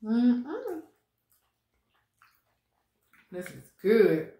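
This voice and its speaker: A woman's voice: a little high, huge pitch swings, warm tone. A woman hosting a casual eating show, playful and laughing. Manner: playful, laughing, drawn-out mmm sounds while eating. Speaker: mukbang host. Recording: echoey room.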